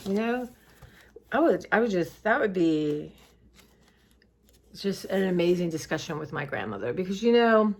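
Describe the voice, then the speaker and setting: A woman's voice: lowish voice, very animated, normal speed, long pauses, darkish tone, husky. A middle-aged woman vlogging in a casual, rambling way, reflective and heartfelt, tired and close to tears. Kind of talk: casual personal vlog chat.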